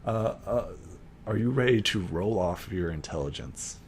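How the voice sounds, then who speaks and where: A man running a tabletop game in a loose, chatty style, with a very animated, swinging pitch. He giggles often and fills pauses with ums and uhs, over a faint background hiss. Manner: casual, giggly, many fillers. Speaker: game master.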